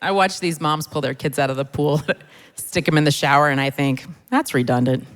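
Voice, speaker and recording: A woman's voice: low-pitched, slight background noise. Woman, middle-aged, stand-up comic, self-deprecating, conversational, reverberant hall. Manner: self-deprecating, conversational, pausing for audience laughs. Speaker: comedian. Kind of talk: stand-up comedy. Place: church hall on stage.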